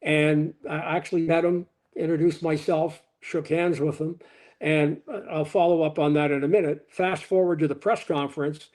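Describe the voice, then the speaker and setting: Older male guest, high-pitched, animated storyteller. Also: moderate pace. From Canada. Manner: animated anecdote teller, quoting people in his stories. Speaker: sportscaster guest. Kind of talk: storytelling in an interview.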